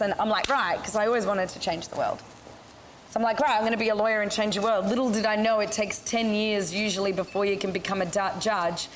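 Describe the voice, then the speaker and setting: A woman's voice: mid-range voice, rough recording. Young woman rambling through a story, swears a lot, does little voices for people, bit of hiss behind. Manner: animated, swears freely, acts out quotes. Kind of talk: casual storytelling.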